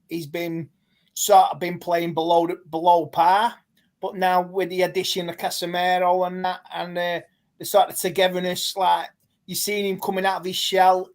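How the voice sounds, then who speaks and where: A man talking as a guest fan pundit in a casual football podcast chat, rambling and stop-start, often restarting his sentences. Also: high voice.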